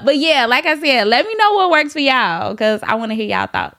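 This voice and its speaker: A woman's voice: medium pitch, sing-song, moderate pace, creaky, hardly any pauses, fairly bright tone. A woman hosting a solo podcast in a candid, playful way that breaks into laughter. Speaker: podcast host. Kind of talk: casual solo podcast talk.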